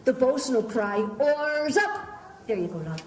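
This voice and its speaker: A woman's voice: medium pitch, expressive, fast, a little mellow. A woman performer leading a live audience through a pirate-themed participation show, theatrical and doting, calling her volunteers love and darling. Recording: echoey room from a distance, faint crowd and noise.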